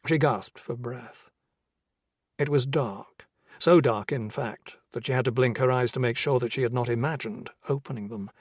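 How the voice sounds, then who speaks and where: Male audiobook narrator with a husky voice and a steady, measured thriller read. The recording is dry and close. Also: mid-range voice, dry recording. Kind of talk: scripted narration.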